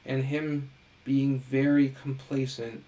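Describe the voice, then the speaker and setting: A man's voice: mid-range voice, flat delivery, slow pace, mellow, rough recording. A middle-aged man giving a recorded lecture on teaching. He talks in a conversational way, asks rhetorical questions and keeps checking in with "right?". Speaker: education lecturer.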